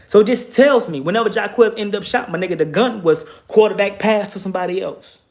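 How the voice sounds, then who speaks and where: A slightly high-pitched man, spinning a story from his neighborhood. He talks casually and profanely and punches key points with emphasis. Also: brisk, a little mellow. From Texas, USA. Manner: emphatic, profane, streetwise retelling with rising bursts of emphasis. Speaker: vlogger.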